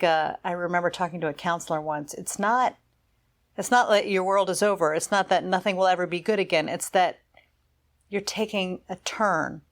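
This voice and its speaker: A woman co-hosting a podcast, talking candidly and reflectively in casual chat. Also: on the low side. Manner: candid, reflective, laughs easily. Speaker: podcast co-host.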